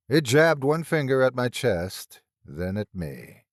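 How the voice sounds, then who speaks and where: A man's voice: mid-range voice, big pitch swings, takes it slowly, few pauses, no echo, clean studio sound. A man narrating a scripted horror story in a tense, dramatic storytelling manner.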